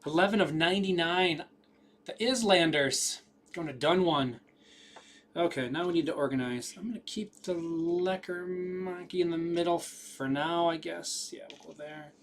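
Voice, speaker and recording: A man's voice: fairly high pitch, normal speed, a bit bright, slight background noise. A man hosting a live card break, rattling off names with casual running commentary.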